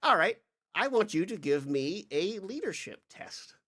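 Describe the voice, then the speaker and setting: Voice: medium pitch, very animated, unhurried, a bit bright. A game master narrating a tabletop game, rambling and full of filler words.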